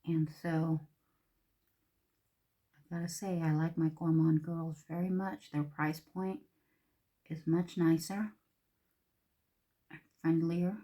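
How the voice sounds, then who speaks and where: A woman talks her way through a makeup look in a relaxed, chatty tutorial. Her voice sits a little low for a woman, and she often drops to a near whisper mid-thought before coming back up. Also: takes it slowly, pauses often. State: a little out of breath. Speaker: makeup vlogger. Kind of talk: casual makeup tutorial chat.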